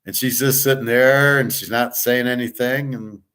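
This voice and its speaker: A man's voice: medium pitch, fairly even intonation, moderate pace, a bit bright, smooth. A middle-aged man telling a long work story in a blunt, rambling way that repeats itself. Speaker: podcast host. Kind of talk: casual storytelling monologue.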